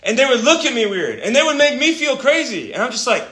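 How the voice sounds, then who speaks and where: A young man preaching an energetic sermon, animated and casual, swinging from quiet asides to shouting and calling listeners bro and man. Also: very high-pitched, fast, few pauses. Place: church gathering hall. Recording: echoey room.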